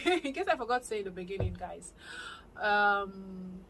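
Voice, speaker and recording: Young Nigerian woman vlogger, chatty and excitable, mid-pitched, faint hiss behind. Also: moderate pace, poor audio. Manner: animated, excitable storyteller. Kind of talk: casual storytelling to camera.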